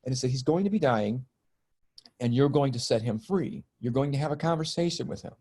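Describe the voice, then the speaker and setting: Middle-aged man, spiritual healer guest, earnest emotional storyteller with a light joking streak, average pitch. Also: lively intonation, fairly quick, a little mellow. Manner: earnest and emotional, breaks tension with jokes. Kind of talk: personal storytelling in a podcast interview.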